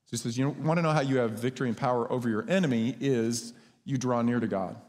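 A man preaching a sermon as pastor, conversational and lively when he tells stories. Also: mid-range voice, fast. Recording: long hall reverb.

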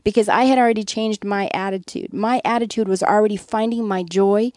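Mellow-voiced woman telling an earnest story. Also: medium pitch, steady tone, a little fast, no echo, clean studio sound. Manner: earnest storyteller, candid and self-deprecating. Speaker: guest, author. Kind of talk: conversational radio interview.

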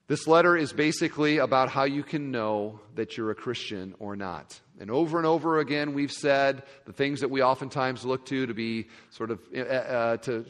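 A male pastor preaching a sermon to a congregation, expressive, dropping to quiet asides and rising to loud emphasis. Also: medium pitch. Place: large church sanctuary. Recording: long reverb of a large hall.

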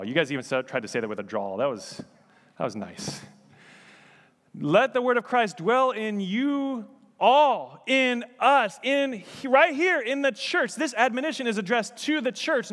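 A man's voice: on the high side, a bit bright, in a large hall. A male pastor preaching a sermon in a church, conversational with joking asides. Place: church sanctuary.

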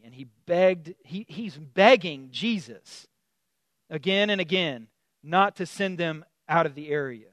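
Guy preaching, high voice, chatty and animated, lots of ums, dry close sound. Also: unhurried, no echo. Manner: conversational, animated storytelling with many fillers and restarts. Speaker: pastor. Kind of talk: sermon.

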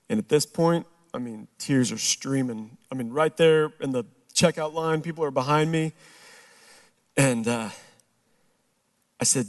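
Pastor telling a story in a sermon. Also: male voice, medium pitch. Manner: storytelling, acts out the dialogue, drops quiet and slow for serious parts.

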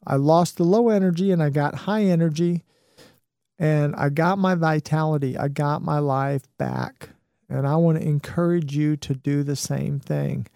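Middle-aged male host, gravelly and mellow, upbeat motivational pep talk, loose and rambling. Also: on the high side, unhurried, dry recording, clean studio sound. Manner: upbeat, encouraging, rambling with many fillers.

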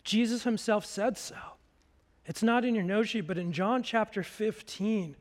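A man preaching a sermon as pastor, slow and emphatic, dropping to a hush at times. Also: high-pitched, big-room sound.

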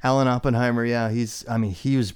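A man's voice: mid-range voice, flat delivery, a little fast, a little mellow, smooth. A man co-hosting a podcast, chatting casually and enthusiastically explaining fan trivia. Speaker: podcast co-host. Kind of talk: casual chat.

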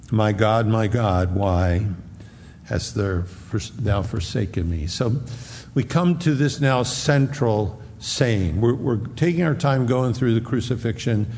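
Gravelly man preaching in a hall. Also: on the low side, a little mellow, slight background noise. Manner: earnest and measured, slowing on scripture quotes. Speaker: pastor. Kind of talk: sermon. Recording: echoey hall, faint ambience.

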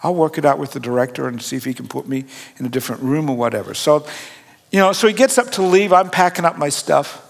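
Here a middle-aged pastor talks quickly in a slightly high voice with lively intonation and some vocal fry. His sermon turns to a personal story told conversationally and at his own expense, all under long hall reverb.

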